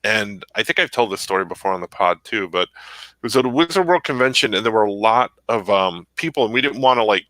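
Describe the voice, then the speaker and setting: A man's voice: on the low side, lively intonation, fairly quick, bright, forceful tone, dry recording, rough recording. A man co-hosting a podcast, telling a long rambling story in casual chat. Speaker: podcast co-host.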